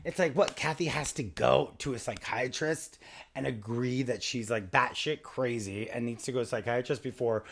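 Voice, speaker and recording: A man hosting a podcast, chatting in a rambling, animated, gossipy way. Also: medium pitch, normal speed, creaky, roomy sound. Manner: rambling, animated, full of impressions. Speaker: podcast host. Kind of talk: gossipy casual chat.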